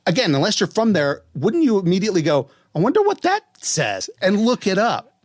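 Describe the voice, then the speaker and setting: A man's voice: high-pitched, huge pitch swings, brisk, dry recording, clean studio sound. A man from West Virginia hosting a podcast, chatting casually and amusedly, spelling words out letter by letter. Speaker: podcast host. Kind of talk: casual chat.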